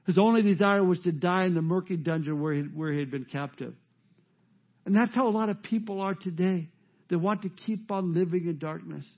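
Male pastor, sermon delivery, emphatic swells, high pitch, dull lo-fi sound. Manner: emphatic, rising to loud peaks.

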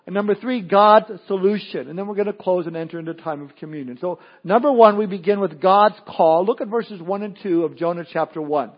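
A man's voice: sits high, fairly quick, few pauses. A man preaching a sermon as pastor, folksy with joking asides and prayer. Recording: dull lo-fi sermon recording.

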